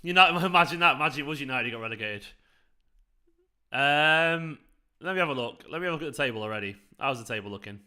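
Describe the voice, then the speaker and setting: A man's voice: mid-range voice, expressive, fast talker, pushed and bright, smooth. A young man hosting a football watchalong, chatting casually and laughing as he answers his live chat. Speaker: fan channel host.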